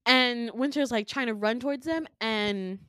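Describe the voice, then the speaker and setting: A young woman hosting a podcast, retelling a story in a casual, animated way with lots of fillers and laughter. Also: a little high, measured pace, clear, resonant tone, no echo, studio quality. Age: young adult. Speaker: podcast host.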